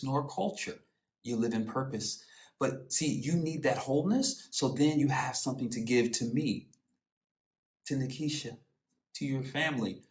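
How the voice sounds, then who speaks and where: A man hosting a live stream, giving a casual motivational talk in a preachy, storytelling way with slang. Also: mid-range voice.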